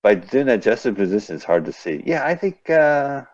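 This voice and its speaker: A man's voice: medium pitch, sing-song, moderate pace, darkish tone. A man casually riffing with a co-host over an old silent film, explaining scenes between wry jokes. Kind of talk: casual banter over a movie. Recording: dull lo-fi radio stream.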